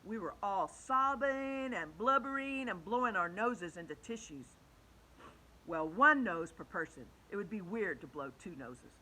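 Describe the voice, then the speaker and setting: Lively, bright-voiced woman reading a story. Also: medium pitch, a little slow, low-quality recording. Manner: animated, changes voice for characters. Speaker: children's book reader. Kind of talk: storybook read-aloud.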